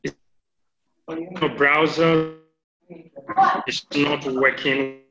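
A man, a pastor in an online meeting, speaking haltingly. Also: a little high, level tone, highs cut off. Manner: hesitant, halting.

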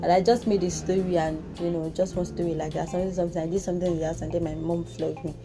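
A woman with a Nigerian accent hosting a podcast, telling a personal story in a casual, expressive way with exclamations and Pidgin touches. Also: fairly low pitch, fast talker, over music. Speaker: podcast host.

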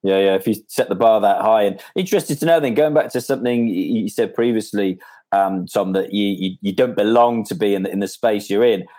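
A man's voice: lowish voice, a little fast, dark tone. A man hosting a podcast interview, mostly giving brief, agreeable interjections and asking questions. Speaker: podcast host. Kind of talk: casual interview.

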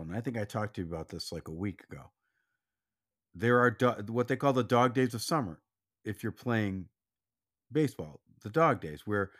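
A man co-hosting a casual sports podcast, speaking earnestly and reflectively, sometimes dropping to a quiet voice. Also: fairly low pitch. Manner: earnest, reflective, drops to a soft, quiet voice when doubtful. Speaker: podcast co-host.

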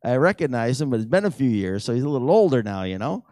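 A middle-aged man telling prayer stories in a lively, animated way, acting out the dialogue. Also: fast, no room sound, clean studio sound. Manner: animated storyteller who acts out dialogue with big pitch jumps. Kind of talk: storytelling testimony talk.

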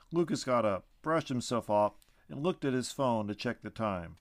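A man narrates a storybook with an animated, expressive reading. His pitch sits mid-range for a man but moves a lot, and the recording is close and dry with no room sound. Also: moderate pace, no echo.

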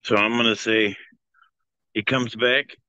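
Brash profane guy, bright dull audio. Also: on the low side, fairly even intonation, a little slow, dry recording. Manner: brash, profane fan talk. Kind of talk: casual podcast banter.

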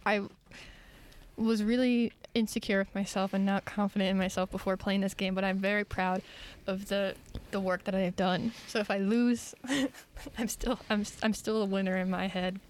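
A woman's voice: mid-range voice, steady tone, moderate pace, a little hiss or hum. A young woman chatting casually on a podcast, rambling and giggly, full of filler words. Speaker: podcast co-host and player. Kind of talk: casual chat.

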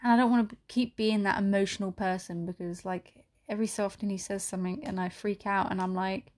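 A young woman talks through her own solo podcast in a loose, rambling way. Her voice sits at an everyday middle pitch, packed with fillers and casual swearing. At times it gets emotional and close to tears. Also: steady tone, quick pace, darkish tone. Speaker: podcast host. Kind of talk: candid solo podcast monologue.

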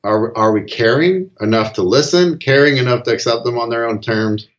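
A middle-aged man speaks in a casual, earnest way, leaning hard on key points as he tells a personal story. His voice has a medium pitch, and the recording sounds a little dull and lo-fi. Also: normal speed. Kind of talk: casual conversation. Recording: slightly dull lo-fi audio.

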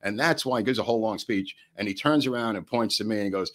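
Older NY guy, very low voice, chatty podcast co-host who acts out every quote. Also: fast, few pauses. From New York. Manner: rambling anecdotes, laughing often, pitch jumping up when acting out quotes. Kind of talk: storytelling in casual chat.

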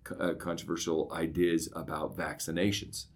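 Brief: middle-aged male co-host, deep low voice, casual storyteller, animated. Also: moderate pace. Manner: storytelling, animated when recounting, often asks "right?". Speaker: podcast co-host. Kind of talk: casual conversation.

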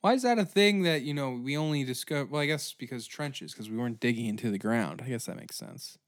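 A man hosting a comedy history podcast, ranting in a profane, animated way. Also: medium pitch, fast talker, no echo, clean studio sound. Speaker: podcast host.

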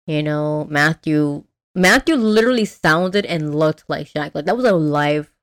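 A young woman talks loosely in casual podcast chat, her voice sitting a little low. She rambles, piling on fillers and restarting her sentences as she goes. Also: moderate pace. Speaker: podcast co-host.

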